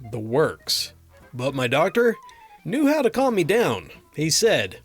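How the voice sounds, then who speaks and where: A man's voice: a little high, wildly swooping pitch, slow, faint music behind. A man narrating a string of funny doctor and patient stories, with a dry comic delivery. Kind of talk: reading funny anecdotes aloud.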